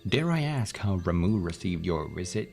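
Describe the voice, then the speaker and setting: A man voicing a gruff soldier with a put-on Texas drawl, reading game dialogue. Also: deep voice, sing-song, normal speed, darkish tone, soft background music, exaggerated voice. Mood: formal. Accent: put-on Southern US drawl.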